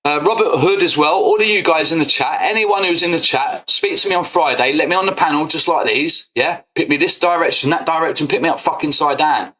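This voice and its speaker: Fairly high-pitched and sharp, this man talks a little fast with few pauses. He's ranting furiously at the camera for his football fan channel, cursing, picking fights, and repeating "yeah?" constantly.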